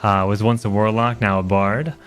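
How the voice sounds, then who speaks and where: Relaxed man introducing his character. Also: fairly low pitch, moderate pace. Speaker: player. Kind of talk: casual chat at a tabletop game.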